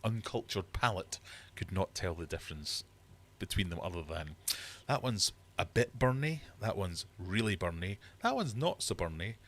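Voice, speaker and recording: Male streamer, low-pitched, casual chat, animated and exasperated in his storytelling. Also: normal speed, few pauses. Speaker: livestream host. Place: home fish room.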